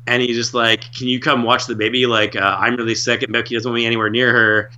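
Casual co-host, a man with a sharp, bright voice who rambles through his stories. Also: medium pitch, flat delivery, fast talker, muffled recording. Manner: rambling, heavy on filler words and restarts. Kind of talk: casual chat.

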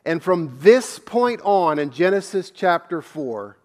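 A man's voice: sits high, very animated, slow, a little mellow. A man preaching a sermon as a pastor, earnest and searching, firing off one rhetorical question after another. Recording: long hall reverb.

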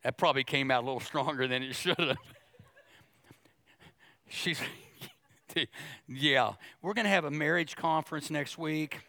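A middle-aged man preaching a sermon with a bright, forceful voice pitched a little high. He is animated and joking, slipping into the voices of other people. The sound is dry and close. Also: unhurried, pauses often, dry recording. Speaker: pastor.

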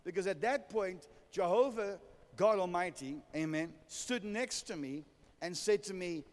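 A man's voice: sits high, measured pace, long reverb tail. A man preaching a sermon, telling a humorous story and calling for amens. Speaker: pastor.

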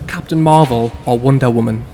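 A man's voice: medium pitch, brisk, dark tone. A man with a Geordie accent hosting a casual podcast interview, eager and stumbling over restarts as he asks his questions. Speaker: podcast host.

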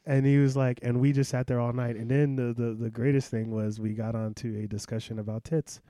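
A man telling a travel story in casual podcast chat, animated and laughing often as he acts out the people in it. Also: mid-range voice, fairly quick, no echo, clean studio sound.

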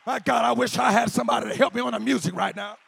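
A male preacher, delivering a sermon in a chanted, shouting cadence with an "uh" before each phrase, at times dropping to quiet storytelling. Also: extremely high pitch, very fast, vocal fry, husky, a faint crowd.

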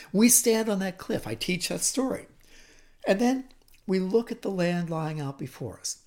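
Man telling a bible story, lively, drops to whispers then gets loud. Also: high voice. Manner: animated, shifts between loud emphasis and hushed whispers. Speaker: Bible teacher. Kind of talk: dramatic scripture storytelling.

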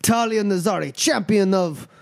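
A man voicing a commanding male satyr chieftain who makes loud ceremonial proclamations. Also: high-pitched, expressive, moderate pace, gravelly, pitched above the performer's own voice.

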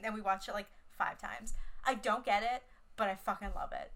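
A young woman co-hosting a podcast in casual chat, animated, swearing freely and filling her talk with "like". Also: on the high side, normal speed. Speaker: podcast co-host.

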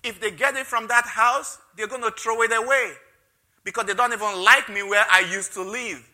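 A man preaching a sermon, telling a personal testimony with emotion and stressing key phrases loudly. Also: sits high, steady tone, moderate pace. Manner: emotional storytelling, rising loud on key phrases. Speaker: pastor.

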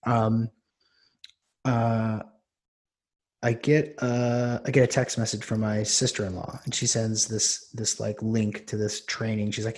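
A man's voice: on the low side, little pitch movement, normal speed, a little mellow. A man, a podcast host and coach, telling a personal story in a loose, rambling way with many restarts. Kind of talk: casual storytelling.

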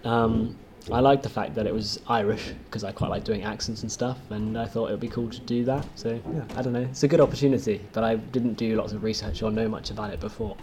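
A man's voice: lowish voice, steady tone, quick pace, few pauses, a little mellow, a little hiss or hum. A young man actor in an interview, speaking offhandedly and hesitantly with dry humour. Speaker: lead actor. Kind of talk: casual interview.

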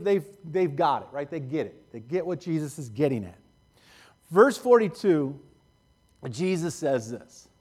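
A man's voice: a little high, a little mellow. A male pastor preaching in a conversational way, repeating phrases and laughing often. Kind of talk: sermon.

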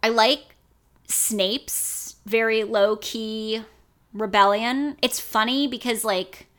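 Bright, chatty young woman. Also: fairly high pitch, slow pace. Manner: chatty, animated, lots of fillers. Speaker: podcast co-host. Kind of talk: casual book discussion.

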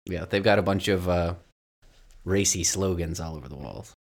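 A man's voice: deep voice, normal speed, creaky. A man co-hosting a casual podcast chat, joking and giving blunt opinions. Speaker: podcast co-host.

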